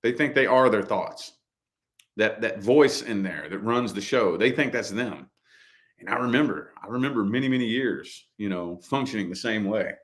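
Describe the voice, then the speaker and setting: A man's voice: fairly low pitch, expressive, normal speed, fairly bright tone. A middle-aged man hosting a casual chat, talking loosely and repeating himself, full of dude and man. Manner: loose, repetitive, slangy, says dude and man. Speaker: podcast co-host.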